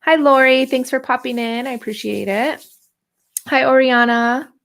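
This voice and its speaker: A woman's voice: sits high, fairly even intonation, moderate pace, gravelly, a bit bright. A woman in her thirties hosting a casual art journaling livestream, chatty and playful, greeting viewers as she works. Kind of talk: casual livestream craft demo.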